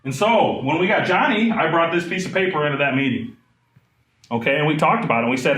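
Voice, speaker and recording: A man in his thirties talks to a group in a lively, conversational way, checking in with them often. His voice sits a little high, and the room rings with echo. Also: quick pace. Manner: animated, conversational, asks the audience questions. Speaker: trauma trainer. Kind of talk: live training talk. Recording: echoey room.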